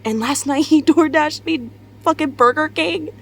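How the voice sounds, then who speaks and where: A woman's voice: sits high, unhurried, a little hiss or hum. Rambling young woman vlogging from bed. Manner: rambling, candid, frequent swearing and laughter. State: tired, just out of bed. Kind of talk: casual confessional vlog. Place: bedroom at home.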